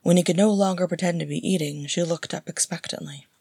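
Gravelly, husky woman narrating a story. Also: fairly low pitch, steady tone, fast talker, dark tone, no room sound, clean studio sound. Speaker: audiobook narrator. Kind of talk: fan fiction reading.

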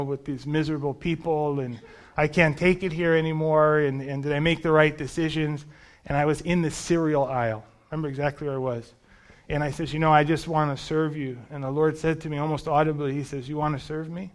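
A man preaching a sermon, telling a personal testimony in a conversational, storytelling way. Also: fairly high pitch. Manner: storytelling, conversational, self-deprecating.

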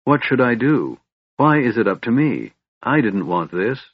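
A man's voice: mid-range voice, sing-song, a little slow, breathy edge, no room sound. A man voicing an anxious young elf woman. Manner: anxious, pleading. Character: young elf woman, troubled reluctant leader. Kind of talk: audiobook reading. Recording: dull dry recording.

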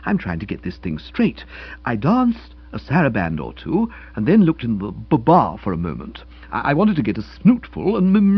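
A man's voice: medium pitch, breathy edge, lo-fi sound, heavily acted. A man voicing a flustered young male author who stammers and pleads his case at length. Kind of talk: audiobook character reading.

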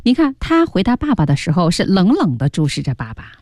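A woman teaching English on the radio, explaining a story and prompting listeners in a lively way. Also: fairly low pitch, brisk, dry recording, studio quality. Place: radio studio.

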